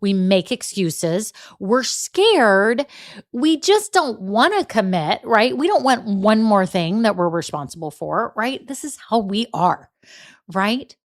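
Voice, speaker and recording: A middle-aged woman with a Southern American accent, from Texas, hosting a motivational solo podcast in a chatty, encouraging way. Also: fairly high pitch. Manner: chatty, encouraging, says y'all and right. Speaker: podcast host.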